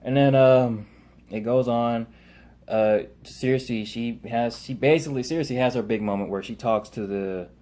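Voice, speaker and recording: A man's voice: mid-range voice, normal speed, dark tone. A man casually recapping a TV episode, rambling with lots of fillers and loosely paraphrased quotes. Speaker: TV show reviewer.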